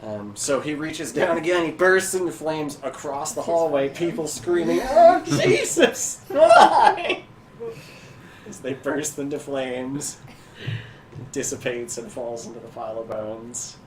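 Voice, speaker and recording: A man narrating a tabletop game as game master in a relaxed, halting way. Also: medium pitch, reverberant, a crowd in the background. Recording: distant mic with clear noise.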